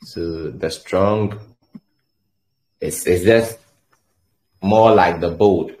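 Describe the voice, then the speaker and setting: A man with a very low voice walks through a coding lesson at an unhurried pace. He talks as he works, pausing and repeating words while he types and runs his examples. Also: darkish tone. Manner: halting, repeats words, thinks aloud while typing. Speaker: coding instructor. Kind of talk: screen-share tutorial explanation.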